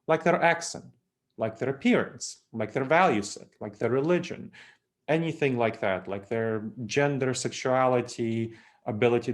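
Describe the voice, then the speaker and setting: Chatty middle-aged man presenting a webinar. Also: mid-range voice. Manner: chatty lecturing with joking asides and chuckles.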